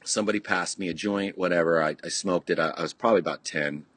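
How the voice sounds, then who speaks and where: A man's voice: deep voice, fast talker, fairly bright tone, slightly rough, dry recording. A middle-aged man from California telling a story in casual podcast chat, rambling and profane, full of restarts and "you know". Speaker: podcast guest, punk musician.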